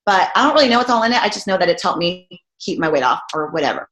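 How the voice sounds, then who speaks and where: A woman's voice: on the low side, lively intonation, racing, fairly bright tone. A woman fitness coach giving a casual, jokey motivational talk in a chatty, bubbly manner. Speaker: fitness coach guest speaker. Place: room, online hangout. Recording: roomy echo.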